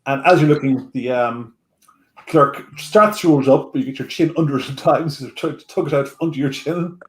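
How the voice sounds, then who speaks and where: A man's voice: mid-range voice, moderate pace. A man narrating as dungeon master, hesitant and full of fillers, in a roomy-sounding recording. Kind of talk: narrating a tabletop game. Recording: roomy echo.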